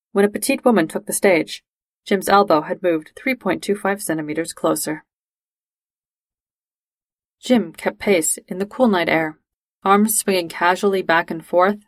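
A woman narrating a fan-fiction audiobook in a steady, even storytelling manner. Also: lowish voice, moderate pace, no echo.

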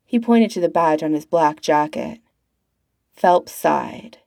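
Woman reading a story in a mellow voice. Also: low voice, animated, takes it slowly, gravelly, no room sound, studio quality. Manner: reads aloud, putting on character voices. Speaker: fan fiction reader. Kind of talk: storybook narration.

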